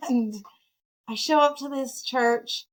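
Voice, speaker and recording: A woman from Michigan, a podcast guest, telling her story in a casual, animated, self-deprecating way with frequent laughter. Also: sits high, slow pace, low-quality recording. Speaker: podcast guest, nonprofit founder.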